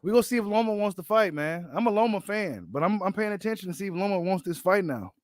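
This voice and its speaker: A man hosting a boxing channel, giving casual, animated reaction commentary full of slang and repeated phrases. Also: sits high, quick pace, no room sound, clean studio sound.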